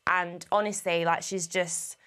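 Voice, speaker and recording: Slow, heartfelt woman. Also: on the low side, level tone, fairly bright tone, clean tone. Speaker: reality show contestant. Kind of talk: reflective confessional interview.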